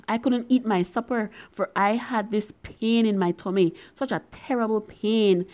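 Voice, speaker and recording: A woman's voice: mid-range voice, muffled recording. A woman reading a story in a young girl's voice, full of earnest, pleading questions to her mother. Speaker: reader.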